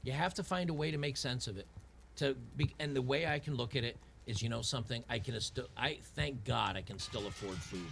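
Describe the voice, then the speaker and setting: A man's voice: mid-range voice, fairly quick, vocal fry, a bit bright, soft background music. A man, ranting in a frustrated, sarcastic way over a game and often restarting his sentences. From Tennessee. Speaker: gaming channel host. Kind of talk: ranting commentary over gameplay.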